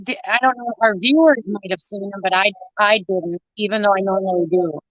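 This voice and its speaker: A woman's voice: medium pitch, brisk, a bit bright, no echo. Minnesota-accent lady trucker chatting on a stream, dry muffled lo-fi sound. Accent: northern Minnesota. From northern Minnesota. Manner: chatty, folksy, laughs easily. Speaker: co-host, trucker. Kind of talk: casual chat on a livestream. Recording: dull lo-fi stream audio.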